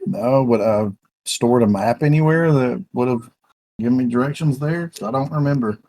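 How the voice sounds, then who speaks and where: A man's voice: medium pitch, normal speed, darkish tone, dry recording, poor audio. Man playing a tabletop game, dry sound. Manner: casual, bemused in-character replies. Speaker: player.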